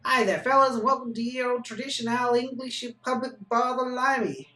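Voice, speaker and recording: A man voicing a chirpy male barman who loudly reads out long terms and conditions. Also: sits high, fast talker, roomy sound, distant mic, pitched above the performer's own voice, close to an everyday voice, rough recording. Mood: cheery. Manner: loud, chirpy, rattles off legalese.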